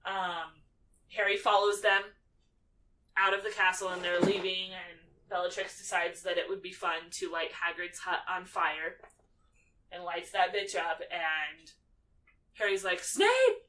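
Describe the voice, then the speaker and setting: A woman's voice: on the low side, measured pace, distant mic, a little hiss or hum, rough recording. A woman co-hosting a podcast, casually retelling a film's plot and slipping into the characters' lines as she goes. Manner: animated storytelling, acting out lines with filler "like". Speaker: podcast co-host. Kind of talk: casual movie recap chat.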